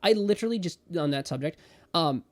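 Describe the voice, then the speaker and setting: Animated young man, emphatic podcast talk. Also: on the high side, fairly quick. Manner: animated, emphatic, wide swings in loudness. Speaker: podcast co-host. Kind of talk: casual chat.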